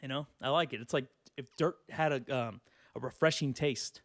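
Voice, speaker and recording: A man's voice: medium pitch, moderate pace, no room sound. A man in his twenties hosting a solo podcast, rambling and cursing casually and laughing as he talks. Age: 20s. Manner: rambling, profane, laughs often. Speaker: podcast host.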